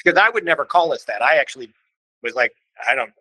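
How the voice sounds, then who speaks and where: A man from Cleveland telling stories as a podcast guest, animated and acting out what other people said in quick little voices. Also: medium pitch, no echo, low-quality recording. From Cleveland, Ohio. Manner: animated, acts out quoted voices, swears casually. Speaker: podcast guest, band vocalist. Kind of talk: casual storytelling in conversation.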